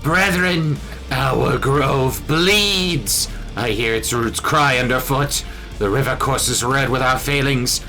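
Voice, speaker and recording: A man voicing a mournful prophet grieving a bleeding grove, speaking slowly and solemnly. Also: medium pitch, pushed and bright, soft background music, pitched above the performer's own voice. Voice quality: slow, solemn, doom-laden.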